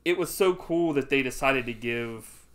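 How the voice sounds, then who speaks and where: A man co-hosting a casual podcast, chatting about a movie with lots of swearing, laughter and loud quoted voices. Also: mid-range voice, moderate pace, a loud crowd. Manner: profane, laughing, bursts into loud impressions. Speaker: podcast co-host.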